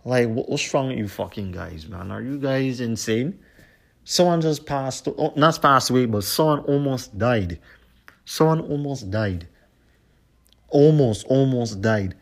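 A man's voice: mid-range voice, measured pace, creaky. A man ranting to camera with heated, profane, repetitive commentary. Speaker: vlogger.

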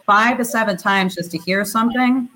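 A woman's voice: medium pitch, normal speed, pushed and bright, poor audio. A woman speaking as an interview guest, talking animatedly and filling her sentences with "you know" and "like". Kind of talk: conversational interview.

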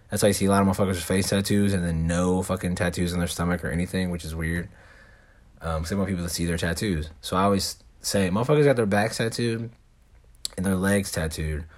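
A young man telling a rambling story in casual talk, slangy and full of swearing. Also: deep voice. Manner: heavy swearing, laid-back slangy rambling.

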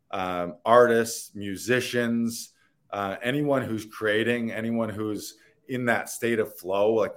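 A man, an actor, talking in a rambling, earnest and playful way in a casual interview, laughing and swearing now and then. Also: fairly low pitch. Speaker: actor guest.

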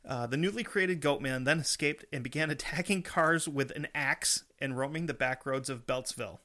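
A man with a bright, somewhat high voice co-hosts a casual podcast. He reads monster legends aloud, swearing freely. He teases his co-host and laughs often. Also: normal speed. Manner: crude, teasing, laughs often. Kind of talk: casual comedic chat, reading legends.

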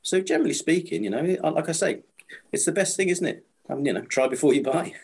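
A man's voice: a little high, quick pace, slightly rough. A British man in his fifties chatting casually on a podcast, rambling and restarting as he tells stories. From Britain. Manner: rambling, repeats and restarts, animated storytelling. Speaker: supplier to the screen printing trade.

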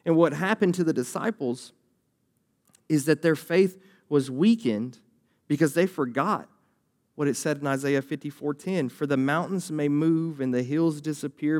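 A young man delivering a sermon as a youth pastor, with a somewhat higher voice. He keeps it conversational and lively, and now and then acts out the voices of people in the story. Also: a little slow.

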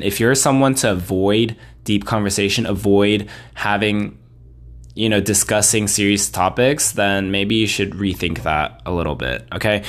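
Low-voiced man rambling on his podcast. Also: fairly bright tone. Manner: rambling, blunt and conversational. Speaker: podcast host. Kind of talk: solo podcast monologue.

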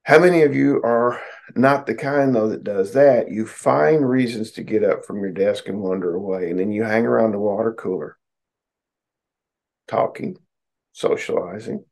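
A man's voice: fairly low pitch, moderate pace, vocal fry, a little mellow. A middle-aged American man, a psychotherapist host, giving casual advice to his listeners in a folksy, joking way.

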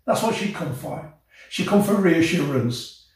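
A man preaching a sermon with passion, swelling to emotional peaks and dropping low and soft. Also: lively intonation, unhurried. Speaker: pastor. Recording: very echoey, from a distance.

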